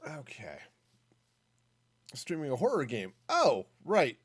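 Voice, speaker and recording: Casual game streamer, mid pitch, very animated intonation, muses aloud and answers chat. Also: takes it slowly, husky. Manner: chatty, thinking aloud, reading chat. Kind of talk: casual gaming stream commentary.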